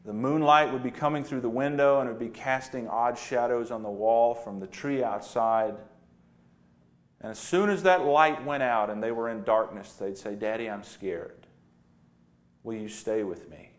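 A male pastor delivers a sermon with lively, dramatic swings. He lifts his voice for emphasis, then drops it back to a softer, storytelling tone. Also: medium pitch, moderate pace. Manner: animated, dramatic preaching with rising emphasis.

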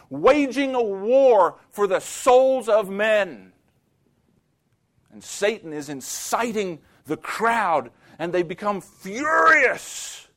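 Slow, high-voiced preacher. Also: male voice. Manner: dramatic preaching, swinging from loud to hushed. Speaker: pastor. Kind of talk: sermon.

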